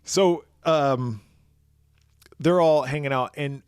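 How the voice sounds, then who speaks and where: A man's voice: a little high, takes it slowly, clear, resonant tone, dry recording, studio quality. A man co-hosting a podcast, recapping a film's plot in casual, profane, joking chat. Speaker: podcast co-host. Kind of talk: casual horror film review chat.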